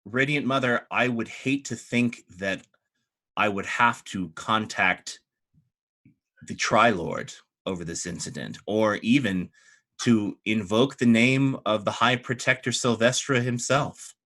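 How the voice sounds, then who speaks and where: A man's voice: fairly low pitch, measured pace, bright, forceful tone. A man voicing a pompous, threatening church official. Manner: formal, veiled threats.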